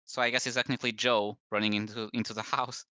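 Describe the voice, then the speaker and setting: A man with a bright, smooth voice plays a tabletop game. He jokes around and fires off quick rules questions, sounding close and dry. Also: mid-range voice, level tone, no room sound. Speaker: player.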